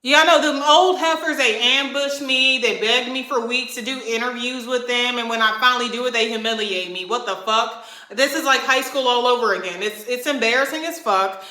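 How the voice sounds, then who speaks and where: A young woman rants straight to camera, angry and swearing freely as she pushes each point hard. Her voice sits a little high and comes through bright and forceful. The room around her sounds echoey. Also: normal speed. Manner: heated, profane, emphatic. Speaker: vlogger. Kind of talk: angry venting rant to camera.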